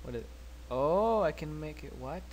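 A man hosting let's play commentary, excitable, cursing freely and yelping when startled. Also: a little high, measured pace, a little hiss or hum. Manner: excitable, swears a lot, yelps when startled. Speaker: gaming channel host.

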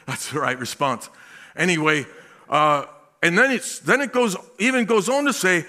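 A male pastor preaching a sermon, slow and drawn out, with emphatic swells and folksy asides. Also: on the high side, big pitch swings, sharp tone.

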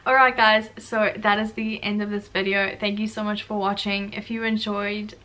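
A woman's voice: mid-range voice, little pitch movement, normal speed, bright, forceful tone, recorded from a distance. Chatty young South African woman vlogger. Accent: South African English. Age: young adult. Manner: chatty, self-mocking, laughs often. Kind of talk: casual vlog chat.

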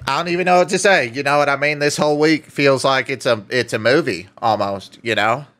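A man streaming a scam-baiting call, excitable and swearing freely as he laughs and gushes. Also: medium pitch, a little fast. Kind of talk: casual streamed prank call.

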